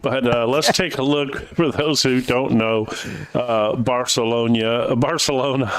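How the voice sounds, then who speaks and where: A man's voice: medium pitch, measured pace, a little hiss or hum. An American man co-hosting a sim racing broadcast, chatting loosely with plenty of fillers and self-mocking jokes. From United States. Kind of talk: casual live race-broadcast chat.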